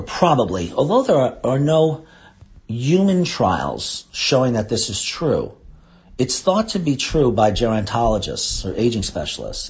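A man hosting a health radio show as a doctor, talking listeners through the topic in an animated way. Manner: animated, mock-quotes listeners in a higher voice. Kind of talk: health talk radio monologue.

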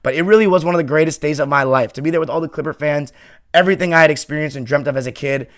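A man talking straight to the camera as a devoted fan, unfiltered and emphatic. His voice sits a little higher than most men's, and he presses his points with real feeling. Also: rapid-fire. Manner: passionate and emphatic, swinging from heated ranting to quieter heartfelt reflection. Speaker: sports podcast host and fan. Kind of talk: impassioned fan monologue.

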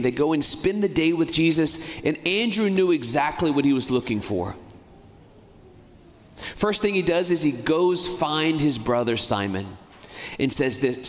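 Earnest priest preaching in a reverberant church. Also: male voice, fairly high pitch, expressive. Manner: earnest, pleading, speeds up and slows down. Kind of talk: sermon.

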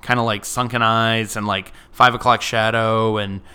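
A man's voice: lowish voice, flat delivery, moderate pace, pushed and bright, clear, resonant tone. A man co-hosting a podcast, recapping a movie in casual chat, saying "like" a lot and laughing easily. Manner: chatty, fills with "like" often, laughs easily. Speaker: podcast co-host.

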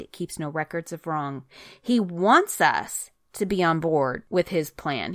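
This Bible teacher leads a conversational study in an earnest, chatty way, pausing now and then to read scripture aloud. Her voice is on the low side, recorded in studio quality with no room sound.

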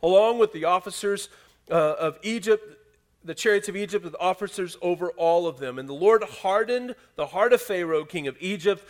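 A man with a somewhat raised pitch delivers a sermon to a gathered congregation. His volume rises and falls sharply, from emphatic declarations down to hushed, intimate asides. He keeps pulling the listeners in with rhetorical questions. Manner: swings from loud emphatic lines to hushed near-whispers; asks the audience rhetorical questions. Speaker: pastor. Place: speaking to a live congregation in a room.

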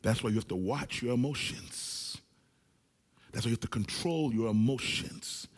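A male pastor preaching a sermon to a small church gathering, with animated delivery that swings between loud and hushed. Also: medium pitch, normal speed, big-room sound. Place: small church service with few people present.

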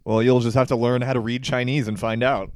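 A young man co-hosting a comedy podcast, animated and quick to laugh, with plenty of casual swearing. His voice sits at an average pitch for a man. The recording is dry and close, with no room sound. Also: no room sound. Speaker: podcast co-host.

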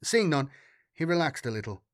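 A man reading a science fiction audiobook in a measured, dramatic way. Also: on the high side, very animated, no echo, clean studio sound. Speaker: audiobook narrator. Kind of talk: scripted narration of science fiction.

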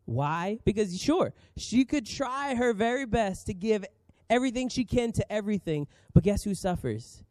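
A man in his thirties preaching a sermon as pastor, earnest and emphatic with dramatic pauses. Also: high voice, animated, darkish tone, dry recording.

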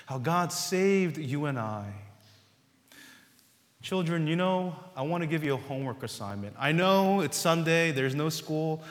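A man preaching a sermon as pastor, earnest and repetitive, building to loud emphasis on key words. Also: on the high side, in a large hall.

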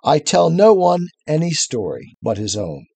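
A man voicing a vast lion with a deep, low voice, calm and commanding, in a read-aloud story. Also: unhurried, creaky, husky, no room sound, exaggerated voice. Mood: solemn.

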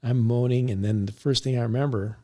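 A man, a police officer, recounting a story in a relaxed conversational way, laughing now and then as he talks. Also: medium pitch, fairly quick. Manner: animated, laughs while recounting.

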